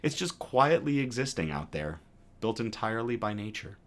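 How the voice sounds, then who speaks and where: A man hosting a news livestream, reading stories aloud and chatting with viewers between them in a lively, self-correcting way. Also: fairly low pitch, normal speed. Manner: lively, reads chat comments aloud and self-corrects with a laugh. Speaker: news show host.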